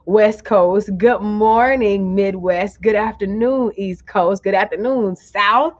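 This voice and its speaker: A woman coaching viewers live from her webcam, middle-pitched and encouraging. She stretches her affirmations out slowly and calls for replies in the comments. The audio is a little dull and muffled. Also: expressive. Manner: encouraging, call-and-response, drawls affirmations slowly. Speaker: life coach. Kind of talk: live-streamed motivational coaching.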